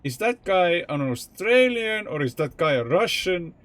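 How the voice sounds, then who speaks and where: Live from home, a young man plays a truck game and chats casually, thinking aloud with candid rambling and plenty of swearing. His high voice is very animated yet measured in pace, sounding a bit bright on a dry recording.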